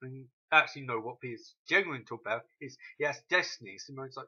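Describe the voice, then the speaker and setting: A man ranting through a TV episode recap, swearing often and mocking the characters in quick quoted asides. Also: mid-range voice, sharp tone, husky, dull audio. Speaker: show recap host.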